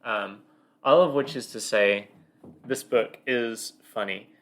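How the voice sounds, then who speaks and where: A man's voice: mid-range voice, takes it slowly. A man co-hosting a book podcast in a casual chat, talking in long loose sentences full of fillers and restarts. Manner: rambling, many fillers and restarts. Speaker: podcast co-host.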